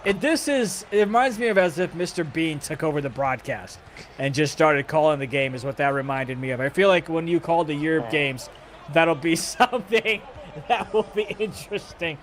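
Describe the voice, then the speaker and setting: A man calling a live esports basketball game play-by-play, energetic and jokey, rising to shouts on big plays. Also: a little high, normal speed, slight background noise.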